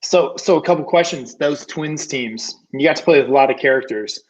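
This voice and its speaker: A man hosting a casual interview, asking enthusiastic, drawn-out questions. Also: on the high side, muffled recording. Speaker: host.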